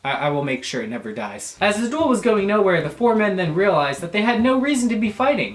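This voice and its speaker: A young man and YouTuber reading aloud for laughs, animated and crude, breaking off for mock-offended jokes. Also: high-pitched, a little fast, hardly any pauses, echoey room. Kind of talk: comedic reading aloud with asides.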